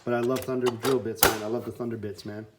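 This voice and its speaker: A man's voice: mid-range voice, level tone, quick pace, heavy background noise. Foul-mouthed ranting male mechanic. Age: adult with children. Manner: profane, ranting, casual bro talk. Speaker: auto mechanic and shop owner. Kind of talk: unscripted workshop tour. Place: his repair shop workshop.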